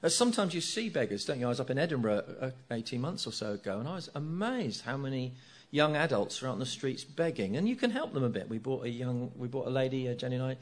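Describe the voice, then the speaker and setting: A man's voice: medium pitch, big pitch swings, fast talker, few pauses. A middle-aged man preaching a sermon, earnest, repeating key phrases and asking rhetorical tag questions.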